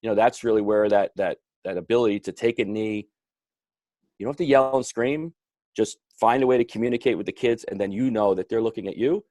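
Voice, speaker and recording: A man's voice: lowish voice, brisk, darkish tone, dry recording, studio quality. A man who coaches youth hockey, talking in a rambling way with many restarts in a casual podcast discussion.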